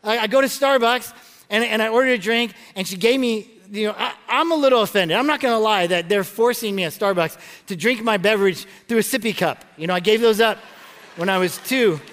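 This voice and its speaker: A middle-aged man preaching a sermon as pastor, telling stories and jokes in an animated way, often stumbling and restarting his words. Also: high-pitched, a little fast. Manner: animated storytelling with frequent stammered restarts and jokes. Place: large church auditorium. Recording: long reverb of a large hall.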